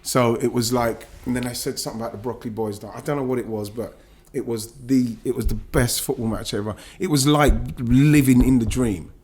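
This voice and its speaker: A middle-aged former footballer from England tells an emotional personal story in a podcast interview, animated and swearing, stumbling into restarts when moved. His husky, medium-pitched voice moves briskly with few pauses.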